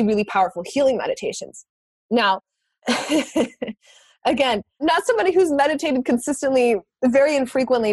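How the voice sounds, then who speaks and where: A woman telling a personal story in casual conversation, animated, laughing often and swearing casually. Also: fairly high pitch, no echo.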